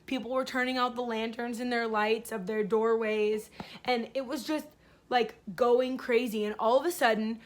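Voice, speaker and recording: A woman vlogger telling a story in a casual, rambling way, full of fillers. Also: on the high side. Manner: rambling, filler-heavy, animated retelling.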